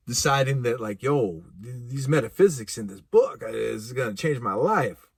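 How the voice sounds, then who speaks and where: A man telling a personal story casually, animated and laughing, with vivid sound effects. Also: medium pitch, normal speed, gravelly, breathy edge, dry recording, clean studio sound. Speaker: speaker.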